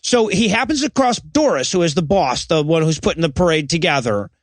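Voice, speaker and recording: A man's voice: on the high side, expressive, a little fast, no echo. A man co-hosting a comedy podcast, recapping a film in a profane, storytelling way and acting out lines. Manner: profane, storytelling, acts out quotes. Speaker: podcast co-host.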